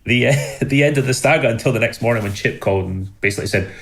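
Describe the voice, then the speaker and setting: A middle-aged Scottish man telling an animated story as a podcast guest, laughing as he goes. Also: medium pitch, fast talker, hardly any pauses. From Scotland.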